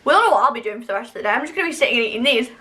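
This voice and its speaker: A young British vlogger reviews snacks, chatting in an easygoing, enthusiastic way loaded with fillers. She talks very fast, her fairly high voice sharp in tone and lively in intonation.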